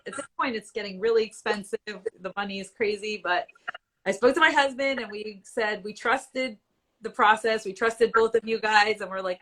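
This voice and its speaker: A woman in her forties with a bright, forward tone tells her own story in a live Q&A. She talks candidly and conversationally, and at times she is emotional. Her pitch sits in the middle for a woman. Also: normal speed, poor audio. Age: 40s. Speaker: IVF patient guest.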